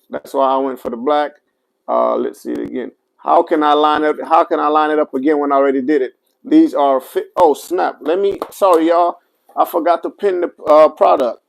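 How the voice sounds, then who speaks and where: A man's voice: fairly high pitch, fairly even intonation, a little fast, creaky, rough recording. Chatty livestream seller, a man, answering comments while he demos gear. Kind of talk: casual product demo livestream.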